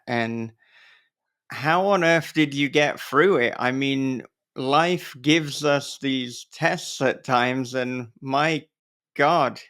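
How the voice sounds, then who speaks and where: A man hosting a podcast speaks very slowly, with a gravelly edge and some vocal fry. He asks his question hesitantly, in a sympathetic way. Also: mid-range voice, a bit bright. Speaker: podcast host. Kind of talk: gentle interview question.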